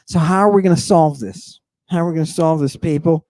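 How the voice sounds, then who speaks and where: In an informal slide lecture, a man teases his audience and addresses them directly, speaking emphatically, pausing for rhetorical questions and asking "right?" over and over. His voice is a little high with a dark tone, recorded dry.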